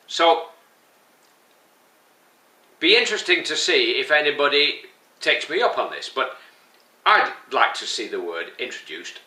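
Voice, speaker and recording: Slow, earnest man, bright voice in an echoey room. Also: mid-range voice, very animated, recorded from a distance. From England. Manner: slow, halting, earnest, gently humorous. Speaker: vlogger. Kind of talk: spoken opinion piece.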